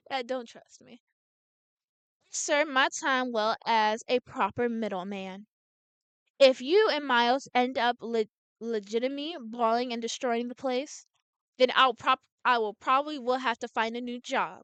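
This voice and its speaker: A woman's voice: a little high, measured pace, a bit bright, clear, resonant tone, no echo. A woman reading a visual novel aloud as a gameplay streamer, voicing every character in her own voice and often restarting words.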